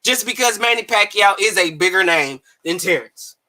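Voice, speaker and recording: Sharp-voiced man ranting about boxing. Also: high voice, animated, normal speed. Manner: heated, profane, repeatedly shouting. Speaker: boxing commentator. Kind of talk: ranting commentary.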